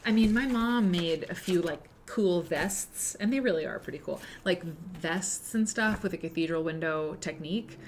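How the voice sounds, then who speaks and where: A woman's voice: on the low side, moderate pace, hardly any pauses, a little hiss or hum. A woman, hosting a live quilting show, chatting and reading aloud with many fillers and restarts. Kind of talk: casual live-stream chat and reading aloud.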